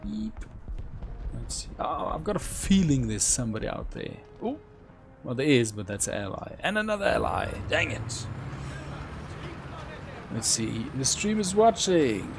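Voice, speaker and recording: A young man talks his way through a live game stream in a lively, bouncing voice, rambling casually between sudden excited yelps. A faint hum of noise sits behind him. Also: medium pitch, normal speed. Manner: chatty, with sudden excited outbursts. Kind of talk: live gameplay commentary.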